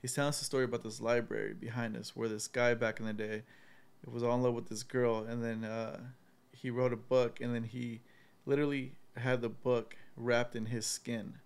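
A man's voice: mid-range voice, level tone, moderate pace, gravelly, clear, resonant tone. A man telling a story in a loose, laid-back way, with lots of fillers and swearing. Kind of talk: casual chat.

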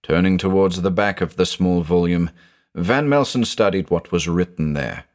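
A man narrating a scripted audio mystery drama in a dramatic, expressive storytelling manner. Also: low-pitched, normal speed.

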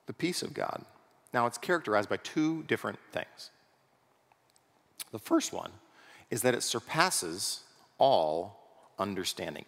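A pastor preaching a sermon in a conversational way, often checking in with the congregation through rhetorical questions. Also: male voice, mid-range voice. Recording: long reverb of a large hall.

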